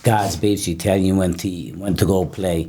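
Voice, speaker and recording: A man with a very deep voice tells his story as a guest in a casual interview. He talks haltingly, restarting and repeating words as he goes. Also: fairly even intonation, warm tone, husky. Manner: halting, repeats words, breaks off mid-sentence. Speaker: interview guest, personal trainer.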